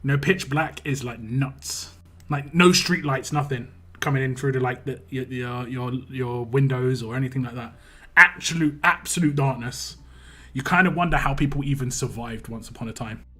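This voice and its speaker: A man's voice: mid-range voice, normal speed, fairly bright tone. A man with a British accent, chatting casually on a live stream, rambling and often repeating his words. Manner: rambling, repeats words, reads chat aloud.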